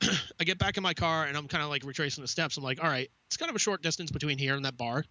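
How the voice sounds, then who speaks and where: Male podcast co-host, animated storyteller, foul-mouthed, crisp tense tone, dry close mic. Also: fairly high pitch, fast talker, no echo, highs cut off. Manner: swears freely, storytelling with quoted asides. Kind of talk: casual podcast chat.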